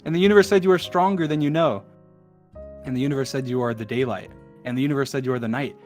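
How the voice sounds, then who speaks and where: A man's voice: mid-range voice, quick pace. A man streaming to a voice call, reading a long text aloud in a rush and breaking off for joking asides. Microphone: computer mic in a voice call. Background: soft added music.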